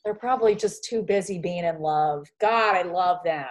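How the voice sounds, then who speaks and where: A woman's voice: on the low side, moderate pace. A woman co-hosting a podcast in casual chat, talking with plenty of fillers like "like". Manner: chatty, with lots of fillers like "like". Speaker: podcast co-host.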